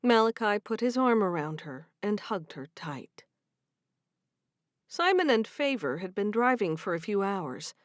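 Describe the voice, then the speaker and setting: A woman narrating a sweet romance audiobook in a gentle, measured way. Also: mid-range voice, big pitch swings, dry recording, studio quality. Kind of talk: scripted narration.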